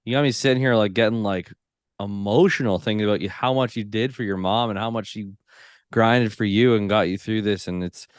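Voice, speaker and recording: A man's voice: lowish voice, a little fast, clear, resonant tone, no echo, clean studio sound. A man hosting a podcast, talking loosely and effusively, peppering his speech with "like". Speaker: podcast host. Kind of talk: casual podcast conversation.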